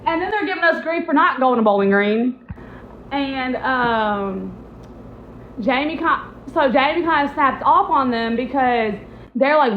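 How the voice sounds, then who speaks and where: A young woman with a high, bright voice tells a personal story in a loose, chatty way. She acts out other people's lines with sudden jumps in her voice. The sound is a bit muffled and echoes off the room. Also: measured pace, a little hiss or hum. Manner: animated, acts out quotes with big pitch jumps. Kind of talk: casual storytime vlog.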